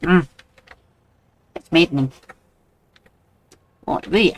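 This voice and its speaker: A man's voice: on the high side, drawn-out words, slight background noise, low-quality recording. Chatty older New Zealand man streaming. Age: 60s. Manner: chatty, reads out and answers viewers' messages. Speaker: game streamer. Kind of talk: casual live-stream chat.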